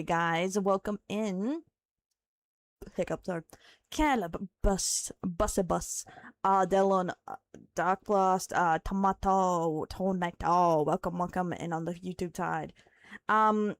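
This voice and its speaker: A woman's voice: mid-range voice, no room sound. A tired young Australian woman streamer chatting casually with viewers, giggling, rambling and swearing as she goes. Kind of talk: casual live-stream chat.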